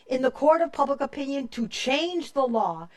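A woman's voice: high-pitched, animated, moderate pace, a little mellow. Emphatic woman moderating a panel. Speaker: panel host. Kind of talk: panel discussion.

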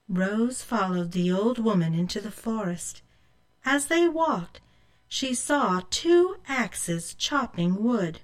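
A woman reading a children's folk tale aloud in an expressive storytelling way, asking the listener questions. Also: mid-range voice, takes it slowly.

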